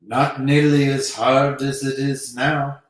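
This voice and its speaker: A man voicing a nervous, bumbling French male inspector who talks in halting bits. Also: medium pitch, little pitch movement, close to an everyday voice. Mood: flustered. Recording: very echoey room, mic far off.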